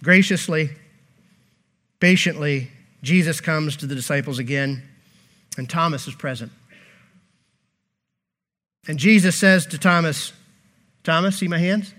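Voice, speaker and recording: A male pastor preaching a sermon in an emphatic, animated way, with joking asides. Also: a little high, measured pace, long pauses.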